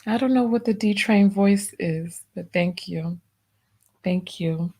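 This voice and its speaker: A woman hosting a live stream, reading out viewer donation messages and softly thanking each one. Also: mid-range voice, slow, husky. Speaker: livestream host.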